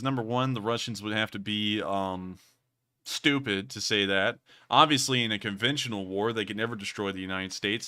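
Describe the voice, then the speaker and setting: A man's voice: lowish voice, pushed and bright. A man hosting a casual livestream Q&A, rambling and repeating stock phrases as he answers viewers. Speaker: host. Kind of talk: livestream commentary and Q&A.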